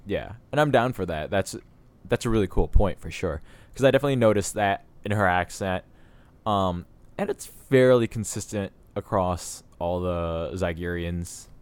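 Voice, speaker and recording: A man co-hosting a casual podcast chat, relaxed and agreeable, with plenty of fillers. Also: low voice, normal speed, smooth, dry recording. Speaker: podcast co-host.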